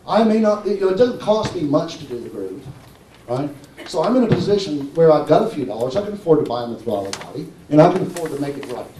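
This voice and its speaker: A man's voice: on the high side, big pitch swings, quick pace, background noise. A man giving a live conference talk, persuasive and constantly checking in with his audience. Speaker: conference presenter. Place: conference hall. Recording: roomy hall from far off.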